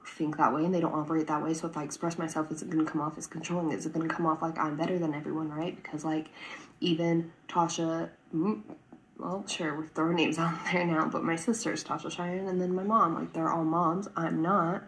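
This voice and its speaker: A woman's voice: sits low, little pitch movement, a little fast, a little hiss or hum, low-quality recording. A woman in her twenties talking earnestly to camera in a personal vlog, rambling, with frequent "like" and "right?". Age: 20s. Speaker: vlogger.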